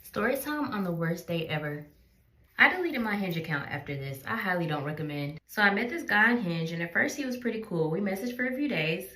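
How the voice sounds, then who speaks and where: A woman's voice: mid-range voice, expressive, brisk, pushed and bright, echoey room. A woman telling a casual story time, animatedly acting out the people she quotes. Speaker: storyteller in clip.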